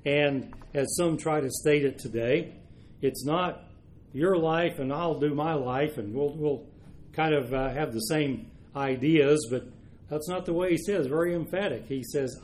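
A man preaching a sermon, reading scripture aloud and explaining it, slowing down to stress key verses. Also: on the high side, a little mellow. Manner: measured, slows for emphasis on key verses.

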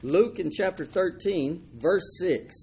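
A man's voice: high-pitched, animated, slow, dark tone, slightly rough. A man preaching a folksy sermon. He stumbles over and repeats his words and acts out the people in the story.

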